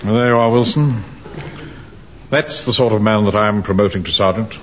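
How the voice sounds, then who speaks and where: An actor playing a pompous, self-important middle-aged bank manager who also commands a platoon, in a 1970s radio sitcom. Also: male voice, on the low side, moderate pace, lightly acted. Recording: dull old radio recording with faint hiss.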